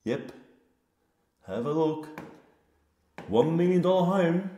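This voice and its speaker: A man's voice: a little high, expressive, slow pace, pauses often, dark tone, breathy edge. A man touring a building site, pointing out defects in a blunt, exasperated, chatty way. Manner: blunt, exasperated, laughing at shoddy work. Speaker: building inspector. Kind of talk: walkthrough site inspection vlog.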